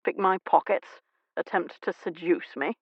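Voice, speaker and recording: An arrogant, predatory earl, as a woman voices him who speaks in a lazy, snide drawl. The voice carries a gravelly texture. It is recorded dry and a bit dull. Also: high-pitched, a little slow, dry recording, exaggerated voice. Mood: menacing.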